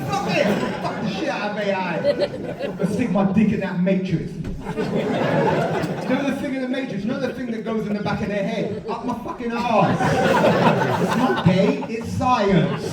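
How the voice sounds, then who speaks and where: A man's voice: high voice, sing-song, moderate pace, far from the mic. A man doing a crude, rowdy stand-up comedy set in a club, often laughing through his lines. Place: comedy club with live audience. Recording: echoey room, from afar, loud crowd.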